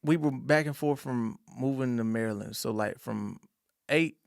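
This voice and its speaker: A young man from North Carolina with a country accent, telling stories in a relaxed, drawling way as a podcast guest. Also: medium pitch, moderate pace, vocal fry, dry recording, clean studio sound. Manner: drawling, easygoing storyteller with country slang. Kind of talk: casual interview chat.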